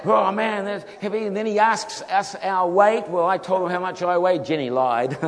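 A man telling a funny travel story in a sermon, animated and laughing often. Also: high voice, moderate pace, background noise. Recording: long hall reverb.

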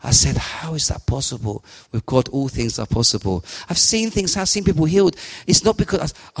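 A man's voice: a little high, big pitch swings, a little fast, vocal fry, few pauses. Fervent man preaching in an echoing hall. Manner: fervent, repetitive phrasing. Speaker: lay preacher. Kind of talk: sermon and spoken prayer. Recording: long hall reverb.

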